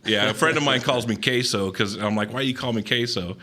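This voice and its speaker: A man's voice: mid-range voice, brisk, bright, forceful tone. A man in his forties with a Southern Californian accent, telling stories as a podcast guest in an easygoing way, mixing in Spanish slang. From Mexico, raised in Southern California. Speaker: guest, pedal builder. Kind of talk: casual podcast chat.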